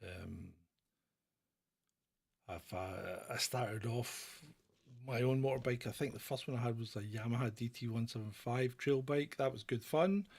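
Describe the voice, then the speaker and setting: A man's voice: medium pitch, a little slow, gravelly, a little mellow, breathy edge. A middle-aged man from Britain hosting a live question-and-answer chat, blunt and opinionated, rambling with restarts as he answers viewers.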